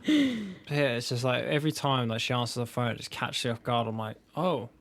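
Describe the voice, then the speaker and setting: A man's voice: mid-range voice, sing-song, brisk. A young man with a southern English accent, chatting casually on a podcast, rambling and swearing with self-mocking humor. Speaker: podcast co-host. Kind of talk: relaxed casual chat.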